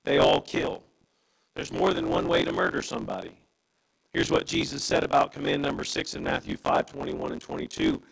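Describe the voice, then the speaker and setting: Gravelly impassioned pastor preaching. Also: male voice, huge pitch swings, moderate pace, fairly bright tone, low-quality recording. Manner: impassioned preaching with wide pitch swings. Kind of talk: sermon.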